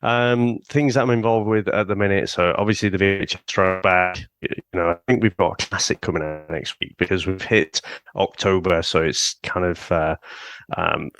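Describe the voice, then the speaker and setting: A man in his fifties chats as a podcast guest, joking and swearing freely. His voice is low and smooth, recorded dry and close with no room sound. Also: fairly even intonation, normal speed, a bit bright, no room sound. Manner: jokey, swears freely, banter. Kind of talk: casual podcast chat.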